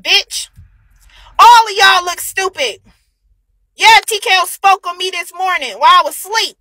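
A woman's voice: very high voice, bright, forceful tone, no echo, poor audio. A woman on a phone livestream, ranting heatedly and profanely, repeating herself for emphasis. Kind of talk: angry livestream rant.

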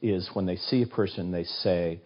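A man in his sixties speaks in a low, slightly rough voice at a moderate pace. He's a guest author on an interview show, casually telling stories with animation and acting out the voices of the people in them. The recording sounds dull and muffled.

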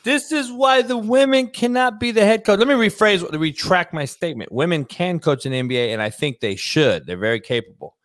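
High, lively-voiced man ranting on a talk show. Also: a little fast, hardly any pauses, no echo. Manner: profane, animated, rambling rant. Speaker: host. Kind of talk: casual chat.

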